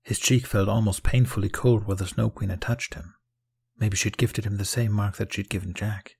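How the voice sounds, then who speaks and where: A man narrating a fan fiction audiobook in a calm, even storytelling manner. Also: on the low side, moderate pace, gravelly, breathy edge.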